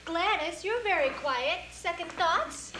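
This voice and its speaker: A woman plays a sharp-tongued, sarcastic accountant with a high, bright voice. The stage recording sounds roomy with faint hiss. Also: animated, measured pace, full character voice. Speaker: community theater actor. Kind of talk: stage play acting.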